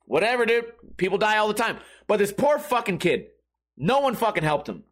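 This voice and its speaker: A man's voice: high voice, big pitch swings, brisk, a bit bright. A man in his thirties in a profane, rambling monologue, swearing constantly and laughing between lines. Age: 30s.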